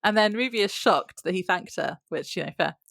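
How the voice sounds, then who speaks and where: A woman co-hosting a podcast, recapping a TV episode in a relaxed, easygoing way. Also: mid-range voice, brisk, creaky, no room sound, clean studio sound. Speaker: podcast co-host.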